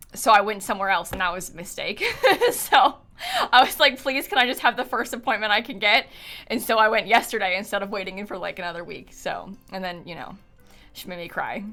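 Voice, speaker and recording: A woman's voice: mid-range voice, pushed and bright. A young woman streaming live, talking casually and rambling with many fillers and nervous laughs, shaken and close to tears. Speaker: game streamer. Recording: faint music behind.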